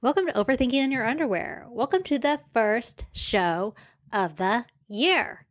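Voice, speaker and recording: A woman's voice: on the high side, expressive, measured pace. Forties woman hosting her own show solo, loose chatty delivery, wanders into side notes and pokes fun at herself. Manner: chatty, self-deprecating, rambling asides. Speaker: podcast host. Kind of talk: casual solo podcast chat.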